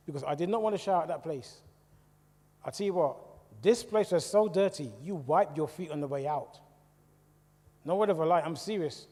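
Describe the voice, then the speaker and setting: A middle-aged man with a British English accent giving a personal testimony talk in a church, telling his story in a lively way and asking the audience questions. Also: a little high, normal speed, long pauses. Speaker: church speaker. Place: church hall. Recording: echoey church hall reverb.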